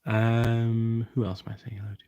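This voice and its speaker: A man's voice: medium pitch, level tone, normal speed, dark tone, clean tone, dry recording, highs cut off. A man from England hosting a casual livestream, chatting with viewers while painting miniatures and rambling with lots of fillers. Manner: rambling and self-deprecating, with frequent fillers. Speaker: livestream host.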